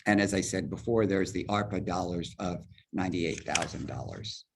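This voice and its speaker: A man heading an agency, walking a virtual public forum through budget figures step by step on a video call, talking fast and explaining as he goes. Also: sits low, creaky, noisy background. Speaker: agency head presenting a budget. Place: virtual meeting, speaking from home or office.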